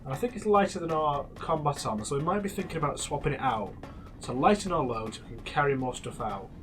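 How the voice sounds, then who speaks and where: A man's voice: fairly high pitch, lively intonation, quick pace. Chatty man teasing through gameplay. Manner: chatty, teasing, rambling with restarts. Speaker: let's play gamer. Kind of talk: casual gameplay commentary.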